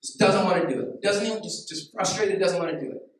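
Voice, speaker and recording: A man's voice: sits high, fast. A man in his thirties, a pastor giving a casual, story-driven sermon full of "like". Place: church hall. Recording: echoey hall, mic at a distance, faint music.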